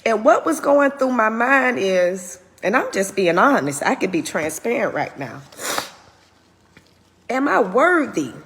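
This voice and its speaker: Lively, high-voiced woman telling her story. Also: unhurried, big-room sound. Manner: earnest, candid storytelling. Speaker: host. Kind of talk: personal testimony talk.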